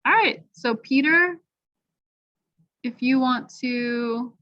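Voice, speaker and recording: An American woman teaching an online pronunciation workshop, encouraging and explaining clearly with examples. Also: high-pitched, slow pace. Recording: dull lo-fi video call audio.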